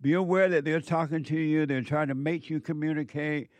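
A man's voice: fairly high pitch, steady tone, a little fast, no echo. A man hosting a call-in show, giving firm, direct instructions to a caller. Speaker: host.

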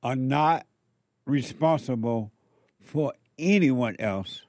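A man's voice: mid-range voice, slow, darkish tone, no echo. A man preaching a spiritual sermon, emphatic and repetitive, firing rhetorical questions at his listeners.

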